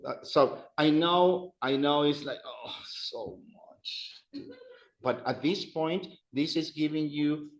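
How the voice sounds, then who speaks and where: Slow, patient man teaching Spanish. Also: a little high, poor audio. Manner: patient, repeats words slowly for practice. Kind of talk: adult evening class teaching.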